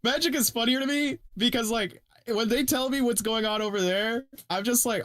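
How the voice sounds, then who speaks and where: A man from Canada co-hosting a stream, chatting casually over a call, animated, laughing and swearing freely. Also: very high voice, normal speed, hardly any pauses. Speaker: co-host.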